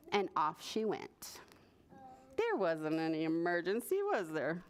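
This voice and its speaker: Librarian reading to preschoolers: woman, slow and deliberate, voice that rises and falls a lot, asks the kids questions. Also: on the low side. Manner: expressive, asks children questions. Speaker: children's librarian. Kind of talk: preschool story time read-aloud.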